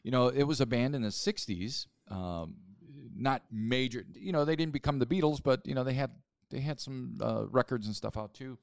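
A man's voice: mid-range voice, normal speed, creaky, dry recording, clean studio sound. A man who founded a museum, telling stories in a casual interview, recorded at the museum. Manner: chatty storyteller. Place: rock museum.

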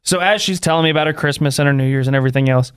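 A man's voice: a little high, rapid-fire, smooth. A man from Northern California, a radio host joking and laughing through a casual chat with his co-host.

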